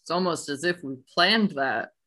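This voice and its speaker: A woman's voice: deep voice, expressive, moderate pace, pushed and bright. A young woman in her twenties co-hosting a casual podcast, telling stories playfully and correcting herself. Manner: playful storyteller, self-correcting. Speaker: podcast co-host.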